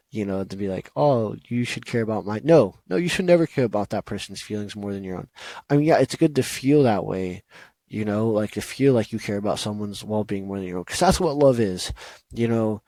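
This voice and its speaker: A man with a fairly low voice talks straight into a close microphone in a dry room. He hosts a solo podcast and speaks earnestly, looping back with "you know" and "okay?" as he urges listeners to value themselves. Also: darkish tone, dry recording, low-quality recording. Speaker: podcast host. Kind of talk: solo podcast monologue, heartfelt advice.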